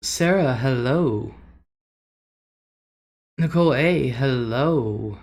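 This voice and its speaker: A woman's voice: a bass voice, animated, extremely slow, darkish tone. A middle-aged woman hosting a casual livestream, chatty and homey, greeting viewers by name and laughing often. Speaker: livestream host.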